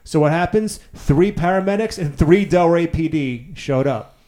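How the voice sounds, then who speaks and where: A man's voice: a little high, moderate pace, warm tone. A man hosting a casual chat, animatedly retelling a story, acting out quotes and swearing freely.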